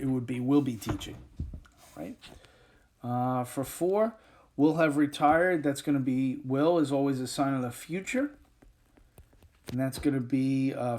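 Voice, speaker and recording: Recorded at a whiteboard, this English grammar lesson comes from a man with a medium-pitched, slightly mellow voice. He explains each step with frequent pauses and filler words.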